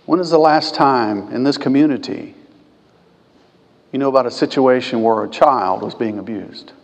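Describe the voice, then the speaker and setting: A man preaching a sermon as pastor, swinging between quiet conversational asides and loud, emphatic peaks. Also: mid-range voice, normal speed, lo-fi sound. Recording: long hall reverb.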